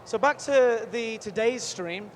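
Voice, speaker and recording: A man hosting a live stream from a busy convention booth, chatty and energetic, rambling with quick restarts. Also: extremely high pitch. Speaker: livestream host at a game convention booth. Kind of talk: upbeat live event hosting. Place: busy convention show floor. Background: faint crowd noise.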